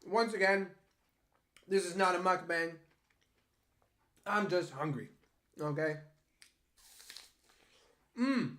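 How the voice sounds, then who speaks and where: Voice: medium pitch, takes it slowly, long pauses, sharp tone. A young adult artist chatting casually on a livestream, answering viewer questions with rambling, jokey asides. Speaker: artist streamer.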